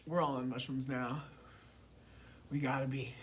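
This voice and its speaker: A woman livestreaming while high on mushrooms, rambling and swearing as she talks to her chat and repeats herself. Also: fairly even intonation, a little slow, long pauses.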